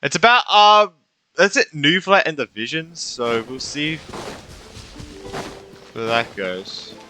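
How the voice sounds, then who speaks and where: Breathless, excitable male streamer. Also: a little high, slow, music in the background. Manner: excitable, blurts reactions and swears. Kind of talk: casual live-stream chat while gaming.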